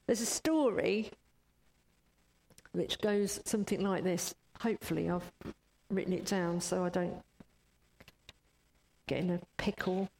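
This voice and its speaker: A woman preacher giving a sermon, telling stories in an unhurried way, in a long church reverb. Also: fairly low pitch, vocal fry, a little mellow, slight background noise. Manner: unhurried, storytelling.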